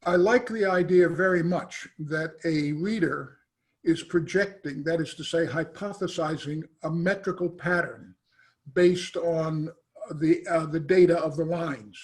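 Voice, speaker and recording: A professor poses a long question after a talk, pausing often and circling back on himself as he works through his point. His voice sits a little higher than most men's. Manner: hesitant, halting, many "uh" and restarts. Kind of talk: academic Q&A question.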